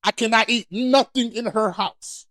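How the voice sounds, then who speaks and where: A man co-hosting a podcast in casual chat, telling blunt and candid stories that grow loud when he acts out arguments. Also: sits high, a little slow, no echo, studio quality. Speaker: podcast co-host.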